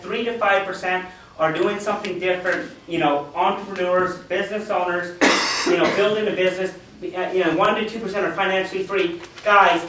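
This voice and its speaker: Before an audience in a meeting room, a male business opportunity speaker leads a motivational seminar, acting out quoted people while telling animated stories. His voice sits high with a fairly bright tone; a little hiss or hum, room echo, and a distant mic mark the recording.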